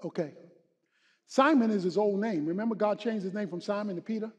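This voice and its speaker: High, husky preacher man in echoing hall. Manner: swings from hushed, slow teaching to shouted, rising exhortation. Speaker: pastor. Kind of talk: sermon. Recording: long hall reverb.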